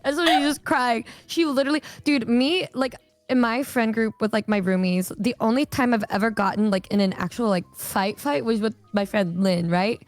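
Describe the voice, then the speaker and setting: A young woman streamer in casual chat, relaxed, swearing freely and leaning on fillers. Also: on the high side, moderate pace, no room sound. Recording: dry close sound with faint music.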